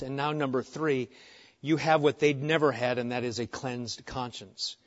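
A man preaching a sermon as pastor, asking his listeners question after question and moving between loud emphasis and soft pleading. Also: mid-range voice. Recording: muffled lo-fi sound.

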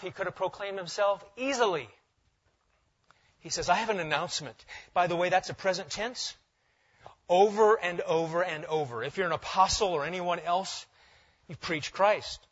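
A male pastor preaches emphatically, repeating key phrases and sinking into quiet intensity to give them weight. His voice is high, and the recording has its highs cut off.

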